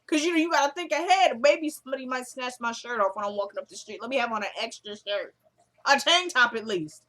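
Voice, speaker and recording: Young woman recapping a TV episode. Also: on the high side. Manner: retells scenes with quick quoted dialogue, animated.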